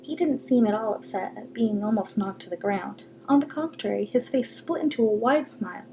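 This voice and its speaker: A woman reading a novel aloud on a video, telling it expressively with dramatic pauses. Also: mid-range voice, lively intonation, vocal fry, darkish tone, slight background noise, rough recording.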